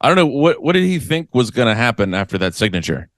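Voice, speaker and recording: A man's voice: medium pitch, very animated, fast, no room sound. A man co-hosting a comedy podcast, riffing and teasing playfully. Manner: joking riffs, playful teasing. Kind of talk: casual chat.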